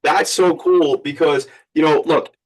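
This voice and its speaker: A man in his forties with a Long Island accent hosts a casual podcast chat over a video call. He rambles from one story to the next, joking and giving enthusiastic shout-outs along the way. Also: on the high side, steady tone, unhurried, poor audio. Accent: Long Island New York. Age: 40s. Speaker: podcast host.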